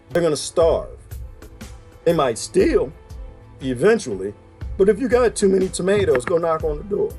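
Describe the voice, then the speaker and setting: High-voiced heated man ranting. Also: a little mellow. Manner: heated, preachy, fires rhetorical questions. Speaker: video blogger. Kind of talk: ranting monologue to viewers.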